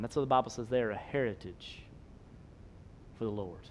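A man, preaching a sermon, swinging between loud emphasis and soft low asides. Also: moderate pace, slight background noise. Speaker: pastor.

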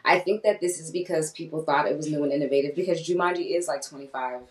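A woman's voice: sits low, quick pace, far from the mic, rough recording. A woman co-hosting a casual movie review podcast, talking animatedly and swearing, quoting herself and others. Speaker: podcast co-host.

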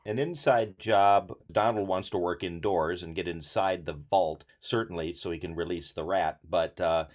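A man with a low voice explains a pun in an agreeable, easygoing way as part of a casual chat. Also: normal speed. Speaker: podcast co-host.

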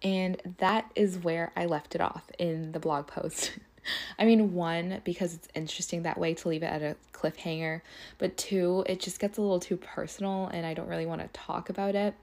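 A young woman with a slightly low voice hosts her podcast, telling her story casually to her listeners. She talks in a loose, gossipy flow, swears freely and leans on "like" in nearly every sentence. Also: fairly even intonation, moderate pace, creaky, darkish tone. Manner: chatty and profane, heavy use of "like". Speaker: podcast host.

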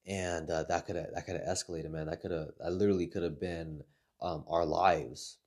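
Man, very low voice, casual rambling storyteller, lots of cursing. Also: steady tone, a little fast, darkish tone. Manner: rambling, heavy swearing, laughs through his stories.

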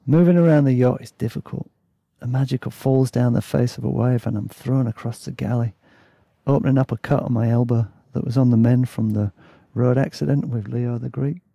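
A gravelly, husky man reads his own sea-voyage memoir in a relaxed, chatty way. His voice is dark and mellow, recorded dry and close, and he drops into casual asides between passages. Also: mid-range voice, a little fast, no echo. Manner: laid-back, chatty asides and self-corrections. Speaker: storyteller reading his own travel memoir. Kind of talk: casual story reading.

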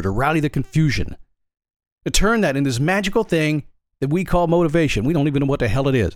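A man's voice: fairly high pitch, no echo, clean studio sound. A man giving a blunt, emphatic motivational monologue in a folksy, preaching way. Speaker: motivational speaker.

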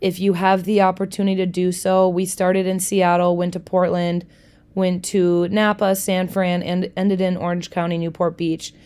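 A young woman from the United States hosting a solo podcast, talking in a chatty, candid way with frequent swearing and lively asides. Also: on the low side, moderate pace. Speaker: podcast host. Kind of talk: casual solo podcast chat.

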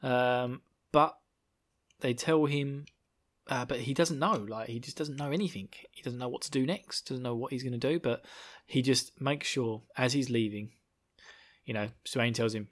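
A man's voice: medium pitch, normal speed. A man casually recapping a book chapter, rambling and laughing often, slipping into silly voices for the characters. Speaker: book discussion podcaster.

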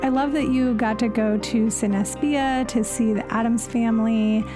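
A woman's voice: fairly high pitch, steady tone, normal speed, music in the background. A woman hosting a podcast, chatting casually in an upbeat, gushing way. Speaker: podcast host.

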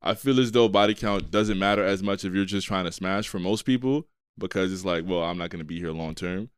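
A man's voice: deep voice, fairly quick, smooth, dry recording, studio quality. A young man hosting a podcast, laid-back and slangy in casual chat. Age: young adult. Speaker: podcast host.

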